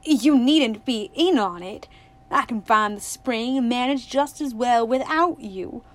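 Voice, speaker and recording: A woman reading as a smooth, scheming man in a yellow suit. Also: measured pace, lightly acted. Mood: petulant. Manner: easy, almost friendly, turning shrill and petulant.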